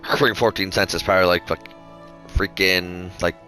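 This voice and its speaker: A man's voice: sits low, steady tone, moderate pace, pushed and bright, faint music behind. A man playing a video game and muttering casual commentary, swearing now and then. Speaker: gamer. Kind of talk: let's play commentary.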